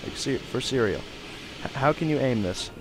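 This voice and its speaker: A young man giving joking let's play commentary, swearing often and bursting into shouts. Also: mid-range voice, lively intonation, moderate pace, background noise. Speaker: gamer.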